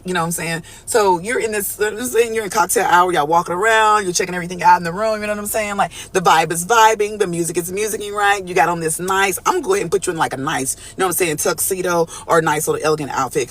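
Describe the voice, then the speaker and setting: A high-pitched man delivers a collective tarot reading at a rapid clip. He is animated and slangy, calling out to his viewers as he talks from a studio. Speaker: tarot reader.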